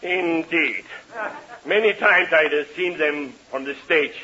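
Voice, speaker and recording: Pompous Danish-accented opera singer. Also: male voice, a little high, slow pace. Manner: stiff, formal, deadpan jokes. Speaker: guest singer in a sketch. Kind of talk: 1940s radio comedy acting. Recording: muffled old radio broadcast.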